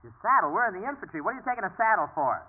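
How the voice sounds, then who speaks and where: A man hosting a 1940s radio comedy sketch, trading quick wisecracks. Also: high-pitched, big pitch swings. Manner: wisecracking, quick joking delivery. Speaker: comedy show host. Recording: tinny old radio broadcast with loud hiss.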